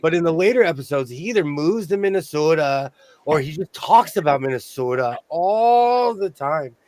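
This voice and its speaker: A man's voice: a little high, expressive, normal speed, a little mellow. An older man hosting a sewing livestream, chatting casually and jumping between topics. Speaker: sewing show host.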